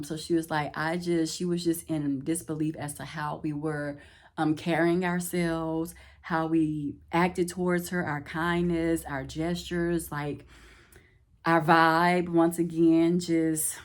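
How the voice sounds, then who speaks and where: A woman chats to the camera, and her slightly low voice leaps up high whenever she acts out someone else's words. She laughs often and keeps the story moving in lively, casual bursts. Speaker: vlogger. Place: Houston, Texas.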